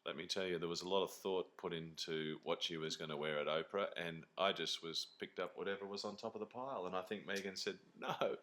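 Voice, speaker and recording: A man's voice: deep voice, fairly even intonation, fast, few pauses, sharp tone. An Australian man co-hosting a casual vlog chat, rambling and hesitant with frequent fillers and jokes. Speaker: co-host.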